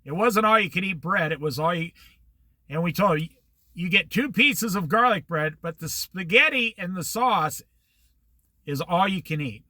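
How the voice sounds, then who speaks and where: A man's voice: sits high, lively intonation, normal speed, sharp tone, no echo. An older man telling a long, rambling personal anecdote in a casual storytelling monologue, acting out the back-and-forth of old conversations. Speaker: host.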